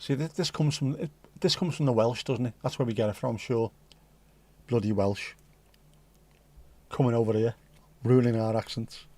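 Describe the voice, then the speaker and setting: A man's voice: medium pitch, normal speed, pauses often, dark tone. A middle-aged man with a Liverpool accent, hosting a livestream and chatting casually to his live chat with jokey, rambling asides. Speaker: livestream host.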